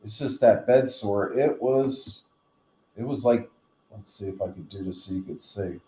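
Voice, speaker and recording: A live stream host from New Jersey chats casually from bed in a room at home, and the recording carries a roomy echo. His mellow voice sits on the low side, and he rambles unhurriedly as a joking storyteller.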